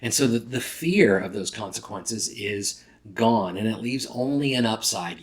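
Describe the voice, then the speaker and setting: A pastor delivers a sermon conversationally, occasionally correcting himself mid-word and acting out quoted lines. His male voice is fairly low, with lively intonation and an unhurried pace.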